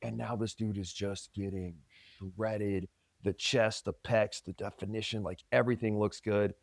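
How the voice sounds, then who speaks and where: A man's voice: fairly low pitch, fairly even intonation, moderate pace, gravelly, dry recording. A man co-hosting a podcast and coaching fitness, teasing and joking in casual banter. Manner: joking, teasing, playful impressions.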